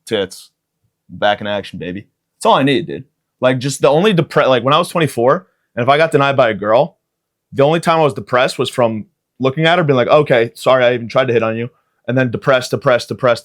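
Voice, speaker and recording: Guy in his 30s doing a solo comedy podcast rant, swears a lot, rambles, gets loud and worked up then drops back. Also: mid-range voice. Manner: rambling, profane, jumps into loud excited bits. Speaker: podcast host.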